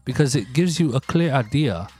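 A man putting on a pompous British accent to read self-help advice aloud slowly. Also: mid-range voice, expressive, a little mellow, husky, faint music behind, voice pushed up. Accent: put-on British. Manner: slow, pompous reading.

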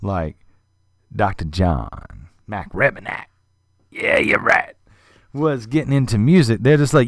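A man hosting a casual podcast, telling a story in an animated, profane way. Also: on the low side, a little slow, long pauses, no echo, studio quality. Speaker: podcast host. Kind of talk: casual chat.

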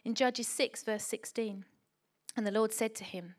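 A middle-aged woman preaching a sermon in an emphatic, animated way, asking the church rhetorical questions. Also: mid-range voice, a little slow.

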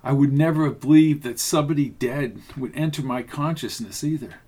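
A man's voice: mid-range voice, fairly quick, dark tone, lightly acted. A man voicing an anxious young woman. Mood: wistful. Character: young woman, troubled dreamer, emotional.

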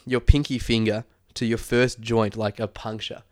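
A man's voice: fairly low pitch, little pitch movement, moderate pace, a little mellow. A man telling a long story in casual chat, rambling with many fillers and acting out quoted lines. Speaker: podcast host telling a story.

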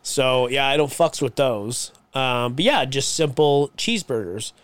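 Lively, profane podcast co-host. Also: male voice, mid-range voice, measured pace, clean tone, no echo. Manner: profane, laughs loudly and often, teasing. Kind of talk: casual chat.

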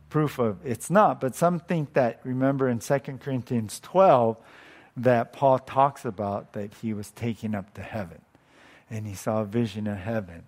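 A pastor giving a casual, conversational sermon, thinking aloud and often chuckling. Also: male voice, on the low side, gravelly, darkish tone.

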